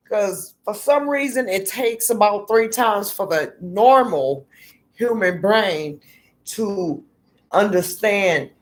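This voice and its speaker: A woman giving a heated, profane rant on politics, repeating words for emphasis. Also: mid-range voice. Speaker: political commentator. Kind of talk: ranting political commentary.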